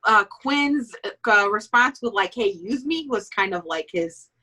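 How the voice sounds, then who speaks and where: A woman co-hosting a casual book club chat, talking in halting, hedging bursts full of fillers. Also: medium pitch, animated, pushed and bright.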